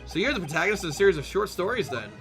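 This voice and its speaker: A man's voice: high-pitched, big pitch swings, racing, over music. A man doing a skeptical young lawyer.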